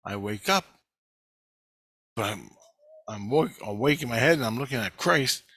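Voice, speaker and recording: A man's voice: medium pitch, animated, normal speed, sharp tone, breathy edge, no echo. A man telling a long story about his dreams, rambling and swearing, acting out what people said. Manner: rambling, swears a lot, acts out quoted lines. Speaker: vlogger recounting dreams. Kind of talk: rambling monologue.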